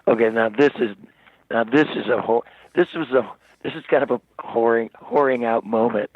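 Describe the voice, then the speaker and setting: A man, a rock singer as interview guest, telling stories in a rambling, animated way with many restarts, over the phone. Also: medium pitch, a little fast, no room sound. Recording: tinny dry phone line.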